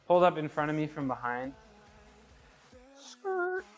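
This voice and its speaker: Man live-streaming a workout and reading chat, slightly high, easygoing and talkative, light music under him. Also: quick pace. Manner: chatty, laughs easily, restarts phrases. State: working out.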